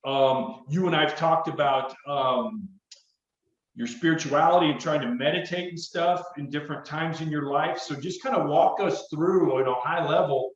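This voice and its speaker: A man's voice: on the high side, moderate pace. A middle-aged man hosting a podcast, chatting in a rambling, jokey way. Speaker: podcast host. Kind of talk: casual chat. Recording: echoey, distant, dull audio.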